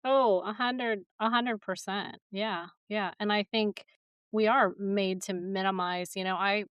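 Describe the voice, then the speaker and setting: A woman's voice: medium pitch, steady tone, measured pace, smooth, no echo, muffled recording. A woman in her forties hosting a podcast, chatting casually and laughing often. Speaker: podcast host. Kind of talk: casual conversation.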